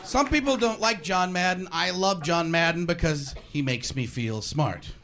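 A man's voice: on the high side, moderate pace, a bit bright, a faint crowd. A man doing a sarcastic stand-up comedy routine, acting out voices. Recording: live stand-up with noise.

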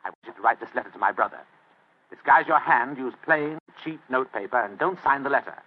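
A man playing a wry, scheming Victorian gentleman. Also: medium pitch, expressive, quick pace, slightly rough. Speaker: actor in radio drama. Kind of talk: old radio drama acting. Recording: tinny old radio recording.

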